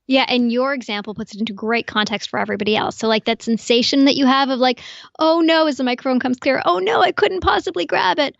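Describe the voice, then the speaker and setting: A woman guest on a podcast, explaining calmly and clearly in an instructive way. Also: fairly high pitch, fast, dry recording, highs cut off. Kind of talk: explanatory interview talk.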